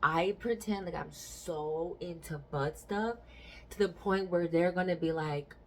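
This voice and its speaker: A woman's voice: fairly low pitch, unhurried, darkish tone, slight background noise. A young adult woman hosting a podcast, chatting casually and telling stories frankly with bursts of laughter. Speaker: podcast host.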